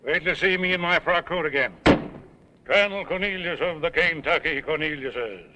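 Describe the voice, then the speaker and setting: A man's voice: a little high, normal speed, very noisy, natural voice. An actor playing an older male con man who talks in a florid, stammering, evasive way, in 1930s film acting. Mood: cheerful. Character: smooth-talking aging male con man, flowery and shifty.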